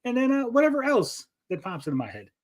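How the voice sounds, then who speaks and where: A man's voice: very high voice, wildly swooping pitch, quick pace. A man hosting a casual livestream, rambling and joking as he reads out chat messages. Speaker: livestream host.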